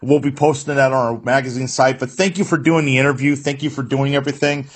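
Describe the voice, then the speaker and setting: Guy hosting a radio interview, kinda husky, rambling swear-y storyteller. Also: medium pitch, fairly even intonation, fast talker. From United States. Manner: loose, profane storytelling with many restarts. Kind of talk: casual chat.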